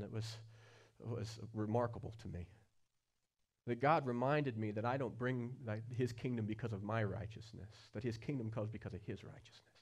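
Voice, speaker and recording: A man preaching a sermon as pastor, earnest, with questions put straight to the listeners and swings from quiet low passages to loud high-pitched stretches. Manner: asks the listeners direct questions.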